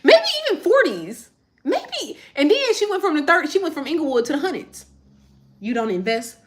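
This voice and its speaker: A woman's voice: high-pitched, sing-song, quick pace, slight background noise. A woman, chatting casually on a livestream and answering viewer comments as she rambles. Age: 30s.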